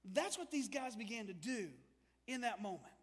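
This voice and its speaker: Man, preacher, sermon, very high voice, long echo of a church hall, swings quiet to loud. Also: expressive, moderate pace. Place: church sanctuary.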